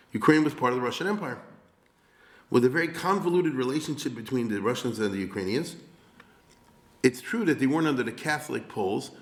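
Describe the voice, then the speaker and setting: A man, a rabbi, giving a conversational history lecture, full of rhetorical asides and quick check-ins with his listeners. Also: medium pitch, roomy sound.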